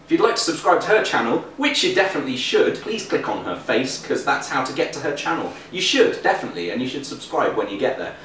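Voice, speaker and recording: A man's voice: medium pitch, fast, few pauses. A man hosting a casual comic chat, joking in a mock-gangster way. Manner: jokey, animated, mock-gangster delivery. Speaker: channel host. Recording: roomy room, mic a bit distant, faint hiss.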